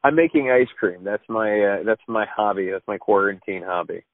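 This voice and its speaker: A man in casual conversation who talks haltingly with many fillers. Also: lowish voice. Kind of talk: casual chat. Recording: dry, tinny phone-like line.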